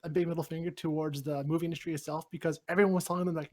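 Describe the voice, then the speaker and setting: A man's voice: a little high, little pitch movement, racing, darkish tone. A man co-hosting a casual podcast, rambling and swearing casually as he talks about a favorite movie. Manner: rambling, many fillers and restarts, swears casually. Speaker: podcast co-host. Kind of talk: casual chat.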